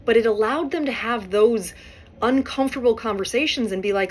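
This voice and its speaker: A woman hosting a podcast, talking through relationship advice in a relaxed, conversational way and often checking in with "right?". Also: a little high, a little fast, breathy edge. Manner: conversational, frequent "right?" tag questions. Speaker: podcast host and therapist. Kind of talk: casual advice monologue.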